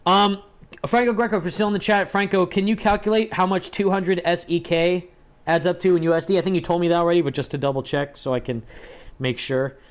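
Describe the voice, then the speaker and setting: A man's voice: high voice, steady tone, fast. A man hosting a gaming livestream, talking in a chatty, rambling way with lots of fillers. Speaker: livestream host.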